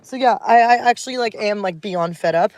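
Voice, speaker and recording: A woman's voice: medium pitch, fairly quick, a little mellow. A woman in her thirties livestreaming from home at night, talking bluntly and heatedly with lots of swearing, and cooing baby talk to her dog. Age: 30s. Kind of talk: casual livestream rant.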